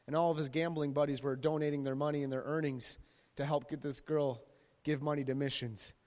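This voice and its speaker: A man, a youth pastor, preaching a sermon and telling stories lively, acting out the people in them. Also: a little high. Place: church sanctuary. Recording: long reverb of a large hall.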